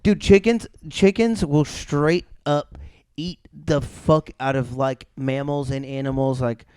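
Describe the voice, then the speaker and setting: A man co-hosting a podcast, excitable and quick to jump in. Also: a little high, clear, resonant tone, dry recording, studio quality. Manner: excitable, interjecting. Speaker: podcast co-host. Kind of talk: casual podcast chat.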